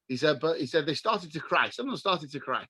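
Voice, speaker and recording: An English man, a rabbi, teaching a class over a video call and telling stories in an animated way, with Hebrew and Yiddish words mixed in. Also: a little high, a little fast, slightly rough, no room sound, poor audio. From England. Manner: animated storyteller, mixes in Hebrew and Yiddish terms. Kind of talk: Torah class with storytelling.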